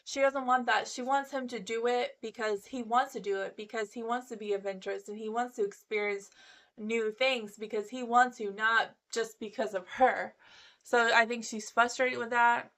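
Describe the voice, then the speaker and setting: Chatty woman with a higher voice. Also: steady tone, normal speed, fairly bright tone. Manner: chatty, gossipy, acts out quotes. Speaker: recap vlogger. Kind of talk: casual reality-show recap.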